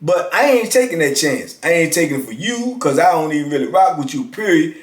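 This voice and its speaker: A man's voice: on the high side, sing-song, fairly quick. A man in his fifties casually telling a story about prison life, talking conversationally and often checking in with "you know what I'm saying". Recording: roomy echo.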